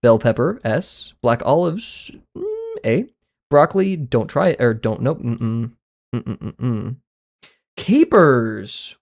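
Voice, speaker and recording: A man streams live and talks to his viewers in a loose, casual way. His verdicts come out blunt and offhand, and he is quick to throw in a sorry. His pitch sits in an ordinary middle range. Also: animated, creaky. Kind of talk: casual livestream chatter.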